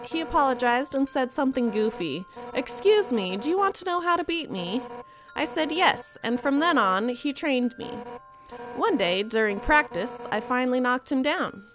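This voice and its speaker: Undyne, a woman putting on a loud fish-monster warrior. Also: on the high side, voice pushed up. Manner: loud, boisterous, overeager. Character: brash fierce female fish-monster warrior captain. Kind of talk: reading game dialogue aloud.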